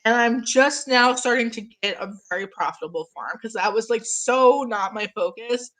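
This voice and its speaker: A young woman in her twenties chats eagerly on a live stream, her voice sitting a little high. She is getting over an illness and talks in a gushing, rambling way, answering viewer comments. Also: normal speed, a bit bright. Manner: gushing, chatty, reads out chat comments. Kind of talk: casual live-stream chat.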